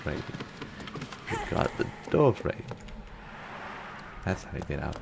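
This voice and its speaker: A man's voice: a bass voice, very animated, slow pace, vocal fry, heavy background noise. A man from Denmark with a Danish accent, chatting casually as a streamer and reading in-game text aloud with frequent giggles. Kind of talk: casual gameplay commentary. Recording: music in the background.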